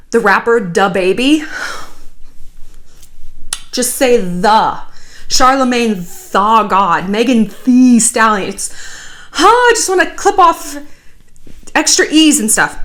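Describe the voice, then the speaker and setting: A woman in her thirties hosting a casual commentary vlog, chatty and animated with sarcastic asides. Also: fairly high pitch. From United States. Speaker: YouTube commentary host.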